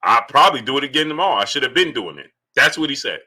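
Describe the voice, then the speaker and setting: Male livestream host, very bright tone, loose chatty delivery, mid pitch. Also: big pitch swings, fast. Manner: loose and conversational, greets viewers by name, repeats himself. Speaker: livestream sports host reading Super Chats. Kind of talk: casual live-stream talk.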